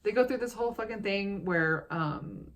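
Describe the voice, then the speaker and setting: A woman's voice: medium pitch, normal speed. A young woman vlogger recapping a movie in a casual, sarcastic, profanity-laced ramble.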